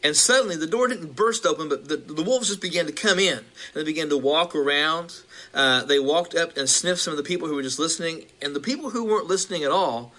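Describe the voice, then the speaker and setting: Man, preacher, recounting a vision, bright forceful voice, higher pitch, repeats and restarts. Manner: repetitive, halting with restarts, building intensity.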